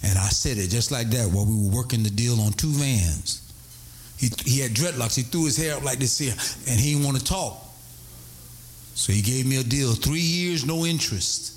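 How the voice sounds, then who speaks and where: A middle-aged man, a pastor telling a story in a sermon, animated and prone to high excited cries. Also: normal speed, faint music behind.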